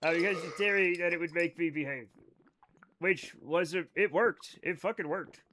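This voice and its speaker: A man with a slightly high, sharp voice streams a game at normal speed. He chats casually with viewers, rambling, cutting himself off, and swearing now and then.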